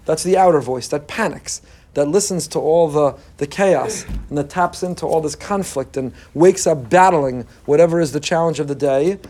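A rabbi leads an emphatic Torah class, reading Hebrew text aloud and translating it. His mellow voice moves at a moderate pace, climbing in pitch whenever he drives a point home. There's a faint hiss or hum on the recording.

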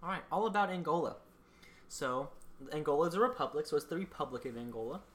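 A woman's voice: sits low, animated, fast. A woman co-hosting a casual podcast, reading out facts with dry jokes and frequent ums. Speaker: podcast co-host presenting country facts.

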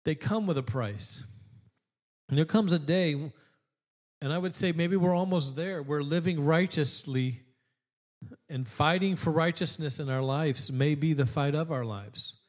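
A man's voice: a little high, measured pace. A middle-aged male pastor preaching a sermon to an online audience in a conversational way, with laughing asides and emphatic repetitions. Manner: builds to emphatic repeated lines.

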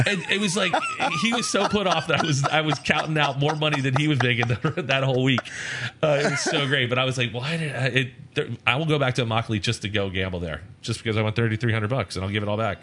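A man's voice: mid-range voice, fast talker, background noise. A man co-hosting a podcast, telling a story in casual chat and acting out the people in it. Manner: animated, acts out quotes in voices. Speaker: podcast co-host.

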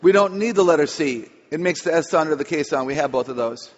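A woman's voice: low voice, animated, quick pace. A woman author giving a humorous talk to a live audience, chatty and playful. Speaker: author and speaker on children. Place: large hall with audience. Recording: echoey hall, dull lo-fi sound.

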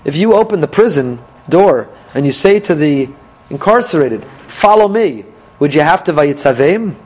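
A man's voice: fairly high pitch, normal speed, breathy edge, low-quality recording. A man teaching a Torah class, quoting Hebrew verses and commentaries and asking rhetorical questions he then answers. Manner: animated, asks rhetorical questions and answers them.

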